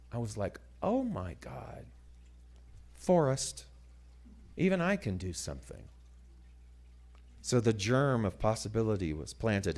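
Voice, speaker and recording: A man telling a story as a sermon, dramatic and animated, dropping to hushed asides. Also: mid-range voice. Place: church sanctuary.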